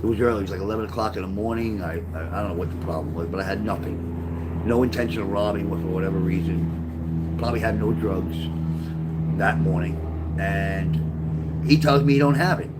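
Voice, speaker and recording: A man's voice: low voice, brisk, heavy background noise. A middle-aged man, casually telling a street story on his livestream, in a rambling, profane way. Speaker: author livestreaming to chat.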